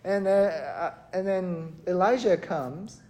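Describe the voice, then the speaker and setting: A preacher gives a relaxed, conversational sermon at an unhurried pace. The delivery is animated and talky, and the speaker keeps turning to the listeners for agreement. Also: medium pitch. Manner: animated, chatty, keeps asking "right?". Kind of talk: casual conversational sermon storytelling. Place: church worship service.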